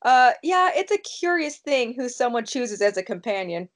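A woman's voice: fairly high pitch, sing-song, moderate pace. A woman in casual chat, recapping a TV episode and acting out the characters' lines with lots of laughter. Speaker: podcast co-host recapping a TV episode.

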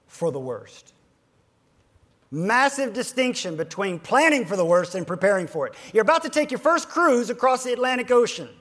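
A man giving a motivational keynote speech to financial advisors, swinging between loud emphasis and hushed near-whispers and slowing down to stress key phrases. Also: high voice.

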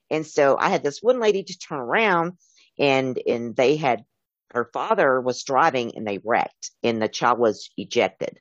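A man's voice: mid-range voice, animated, moderate pace, a bit bright, no room sound, highs cut off. A man, a former emergency dispatcher, telling stories in an interview in an earnest way, acting out the callers' words. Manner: earnest, recounts calls with quoted dialogue. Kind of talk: storytelling in an interview.

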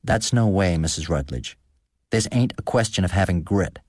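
A man's voice: deep voice, expressive, normal speed, darkish tone, slight background noise. A man voicing a nervous, thin-voiced village deacon who asks careful, probing questions, read as an audiobook character.

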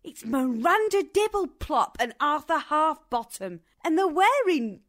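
A woman voicing a cheerful ordinary young girl who narrates a children's radio drama in a bright, chirpy way. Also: high-pitched, very animated, a little slow, heavily acted.

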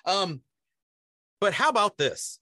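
Male comedy-radio host, rambling storyteller, lively pitch, dry studio mic. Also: takes it slowly, no room sound. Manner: rambling, animated storytelling with put-on voices.

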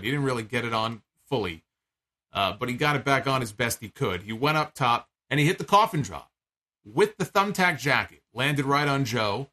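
Bright-voiced man recapping wrestling, animated. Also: mid-range voice. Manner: animated, profane, incredulous storytelling. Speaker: wrestling show reviewer. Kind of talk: casual spoken recap.

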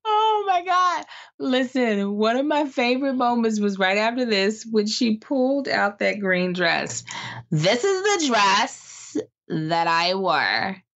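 A woman's voice: on the high side, sing-song, slow pace, fairly bright tone, lo-fi sound. A woman co-hosting a podcast in casual chat, sarcastic and laughing often as she retells scenes. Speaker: podcast co-host.

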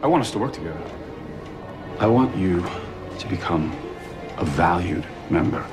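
An actor playing a cold male villain who coaxes a captive to surrender, speaking slowly and hypnotically, sometimes dropping to a whisper. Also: low voice, expressive, over music. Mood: menacing. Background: loud dramatic score.

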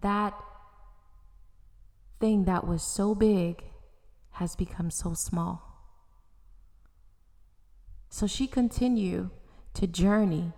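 Slow dramatic woman storyteller. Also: medium pitch, warm tone. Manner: slow and dramatic, dropping to whispers. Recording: long hall reverb.

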